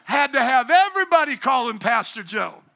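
Bright, high-voiced man in his forties preaching. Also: normal speed, gravelly. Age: 40s. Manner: animated preaching, bursts of loud emphasis. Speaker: pastor. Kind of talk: sermon.

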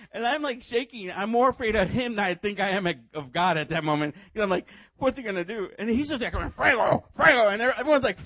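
High-pitched guy from chicago preaching, laughing thru his story, dull dry recording. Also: no room sound. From Chicago, USA. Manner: animated storytelling, laughing often. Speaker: guest preacher. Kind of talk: sermon testimony.

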